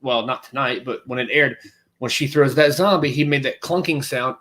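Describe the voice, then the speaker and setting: A man co-hosting a laid-back podcast, his voice sitting at an ordinary middle pitch. He rambles and cuts himself off mid-thought, jumping into little acted-out voices as he retells scenes. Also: moderate pace. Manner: animated storytelling, acts out scenes with voices; rambling, self-interrupting. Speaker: podcast co-host. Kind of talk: casual chat.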